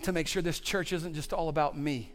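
A man's voice: a little high, fairly even intonation, a little fast, soft background music. Impassioned male pastor preaching. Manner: impassioned preaching, repetitive builds that rise to near-shouting. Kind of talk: sermon. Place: church auditorium on stage.

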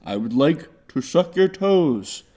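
A man playing a pompous old president, declaiming loudly and theatrically with a lively, swooping delivery. His pitch rides a little above a man's usual and he speaks slowly. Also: exaggerated voice. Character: Abraham Lincoln, pompous old male ghost-like president.

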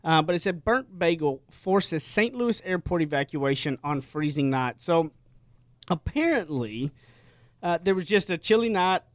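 A man's voice: on the high side, expressive, a little slow, no echo. A man hosting a casual radio talk show, chatty and emphatic in a studio.

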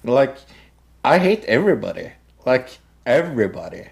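A man co-hosting a casual podcast, reviewing TV shows with halting speech, many fillers and frequent laughter. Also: mid-range voice, very animated, creaky. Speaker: podcast co-host.

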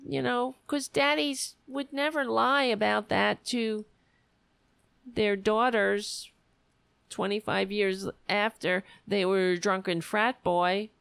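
A woman's voice: mid-range voice, steady tone, slow, gravelly, a bit bright, smooth, dry recording. A woman voicing a sarcastic young girl pleading with her father in a mock-innocent, sing-song way.

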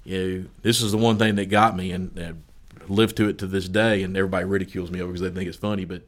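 A middle-aged man with a lowish voice talks casually about his work as a golf course superintendent. He tells stories with a laugh and acts out what people said. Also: fast. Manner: laughs through his stories, animated quoting. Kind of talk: casual storytelling chat.

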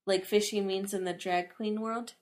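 A woman's voice: mid-range voice, steady tone, moderate pace. A young woman co-hosting a podcast, chatting casually in a giggly, playful way. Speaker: podcast co-host. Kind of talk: casual chat.

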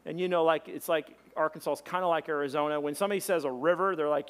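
A man preaching a sermon, telling a funny story and acting out shouted voices. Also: on the high side, steady tone, quick pace, few pauses. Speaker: pastor.

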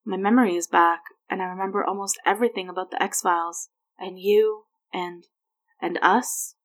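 A woman reads the part of a remorseful grown man, halting and stammering as he fumbles for words. The voice sits at a middling pitch for her, in a plain storybook reading. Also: steady tone, natural voice. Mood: emotional. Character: remorseful grown man, emotional former agent.

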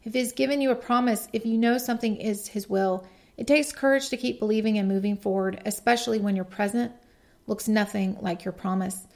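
Woman with a gravelly, earnest voice. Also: medium pitch, steady tone, fairly quick, darkish tone. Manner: earnest, reflective, reads quotes aloud. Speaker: podcast speaker. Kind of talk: devotional message.

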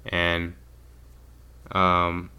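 A man with a low, smooth, clear voice chats on a podcast. He rambles through a travel story in a loose, casual way. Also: drawn-out words. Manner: rambling, animated retelling with acted quotes. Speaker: podcast co-host.

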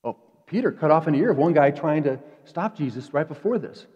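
A man preaching a sermon in a conversational way, dropping to quiet asides and rising to emphatic peaks. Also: a little high, lively intonation, brisk, slightly rough. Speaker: pastor. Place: church sanctuary. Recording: dull echoey church hall.

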